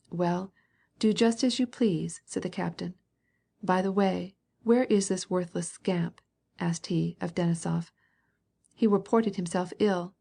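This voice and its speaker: A woman reading a classic novel aloud as an audiobook narrator, mostly even and unhurried, lifting her voice slightly for dialogue. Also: on the low side, vocal fry. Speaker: audiobook reader.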